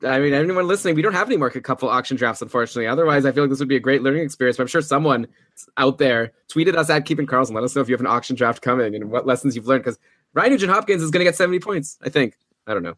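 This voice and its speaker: A man hosting a podcast, chatting casually and upbeat with quick asides. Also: medium pitch, lively intonation, fairly bright tone, no echo, clean studio sound. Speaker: podcast host. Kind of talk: casual commentary on a fantasy hockey draft.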